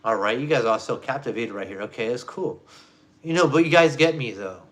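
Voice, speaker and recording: A man ranting in a rambling, low-key, muttering monologue. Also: lively intonation, fairly quick. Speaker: vlogger.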